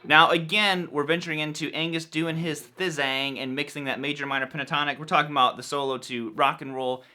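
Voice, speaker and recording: A man's voice: a little high, fairly even intonation, brisk, bright, forceful tone. A man teaching a casual guitar lesson, enthusiastic and chatty, sometimes tripping over his words. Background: electric guitar playing.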